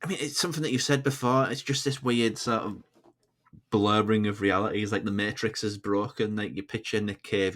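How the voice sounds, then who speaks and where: A fairly low male voice chatting with a podcast host in a relaxed way. He often laughs between his remarks. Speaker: podcast guest. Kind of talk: casual film discussion.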